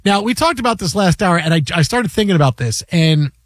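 A man in his forties hosts a casual sports radio show with a high voice and an animated storyteller's manner. His voice is recorded close and dry, with no room sound. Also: brisk, dry recording. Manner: animated storyteller, acts out quotes.

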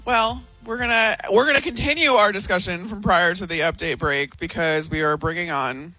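A woman's voice: lowish voice, normal speed, sharp tone, soft background music, low-quality recording. A woman hosting a casual chat, with a playful, teasing manner. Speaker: podcast host.

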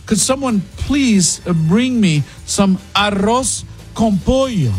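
A man's voice: high-pitched, lively intonation, slow pace, soft background music, voice pushed up. A man doing a mocking impression of a self-pitying, condescending male politician who talks down to his voters. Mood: whiny.

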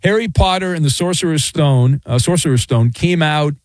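A man's voice: fairly high pitch, normal speed, dry recording. A middle-aged man hosting a late-night sports talk radio show, rambling and joking with self-mocking asides. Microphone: studio microphone.

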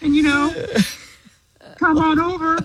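A man's voice: very high-pitched, flat delivery, a little slow, fairly bright tone, pitched above the performer's own voice. A man putting on the voice of a showy male game-show announcer. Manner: over-the-top showy announcing.

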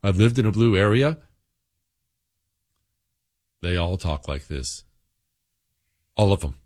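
A man's voice: sits low, expressive, slow, pauses often, a little mellow. A man hosting a political talk radio show, delivering a heated, indignant monologue.

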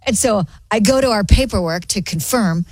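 A woman's voice: medium pitch, normal speed, no room sound. A woman in her thirties co-hosting a radio show, telling a story with lots of laughter and acted-out quotes. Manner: animated, laughs often, acts out quotes. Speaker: radio co-host. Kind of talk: casual chat, storytelling.

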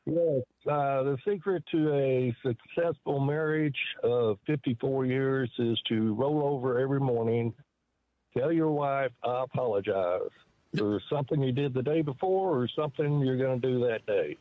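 A man's voice: medium pitch, normal speed, no echo, phone-quality sound. An older man calling in to a radio show, speaking in a plain, matter-of-fact way. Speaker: caller. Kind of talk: call-in radio chat.

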